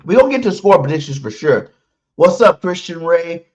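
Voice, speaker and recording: A man's voice: a little high, expressive, moderate pace. A man hosting a live pregame podcast, brash and emphatic, repeating his promises over and over. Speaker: podcast host. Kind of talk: hyped live pregame stream, reading chat. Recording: muffled lo-fi stream audio.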